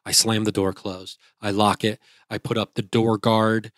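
A man's voice: fairly low pitch, little pitch movement, measured pace, a bit bright, no echo, studio quality. A young man, a guest, retelling a frightening experience in a vivid, casual way with restarts. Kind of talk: casual storytelling.

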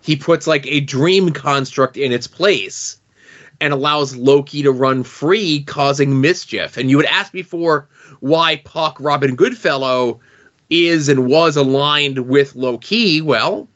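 A man's voice: fairly high pitch, slow, a bit bright, dull audio. A man co-hosting a podcast, casually discussing a comic and building an argument with questions. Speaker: podcast co-host.

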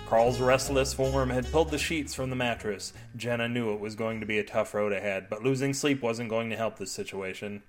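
A man's voice: mid-range voice, fairly even intonation, a little fast, hardly any pauses, faint music behind. Playful, mock-grand man hosting a podcast. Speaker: podcast host and storyteller. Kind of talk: comic podcast narration.

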